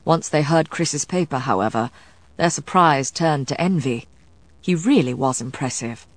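A woman voicing a composed, protective male scholar who speaks calmly and firmly, in clipped phrases, as an audiobook figure. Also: fairly high pitch, normal speed, no room sound. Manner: calm, firm, clipped.

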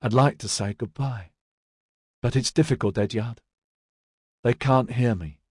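A man voicing the gentle ghost of a dead young constable, speaking softly. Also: medium pitch, unhurried, husky, no room sound, clean studio sound. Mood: sad.

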